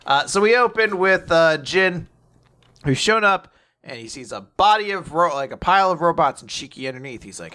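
A man's voice: fairly high pitch, animated, normal speed, bright, forceful tone. A man co-hosting a podcast, casually recapping a manga chapter, laughing and joking as he acts out lines. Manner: laughing, joking, acting out quotes. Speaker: podcast co-host.

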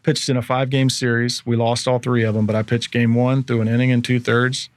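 A man's voice: medium pitch, little pitch movement, fairly quick, no echo, studio quality. A man in his thirties, a former pro athlete as podcast guest, telling a long story casually and acting out the people he quotes.

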